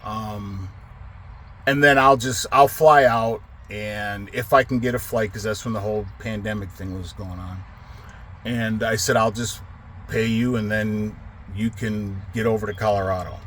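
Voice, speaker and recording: A man's voice: on the low side, steady tone, a little slow, fairly bright tone, a little hiss or hum. A middle-aged man who runs a trucking business, casually telling a long story, rambling and swearing, getting heated as he retells it. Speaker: trucking company owner.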